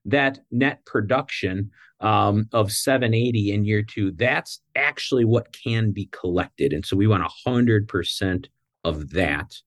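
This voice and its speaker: A male guest, a coaching company executive, explaining financial terms in a methodical way. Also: lowish voice. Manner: measured, methodical, some fillers. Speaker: dental practice coaching CEO, guest. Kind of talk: explanatory interview answer.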